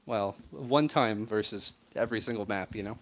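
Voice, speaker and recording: A man's voice: fairly low pitch, normal speed, soft background music. A man playing a tabletop game, chatting casually and playfully with the game master. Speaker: player.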